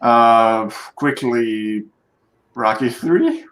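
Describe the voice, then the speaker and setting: A man's voice: mid-range voice, very slow, noisy background. A man guesting on a casual podcast, talking hesitantly with many fillers. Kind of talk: casual chat.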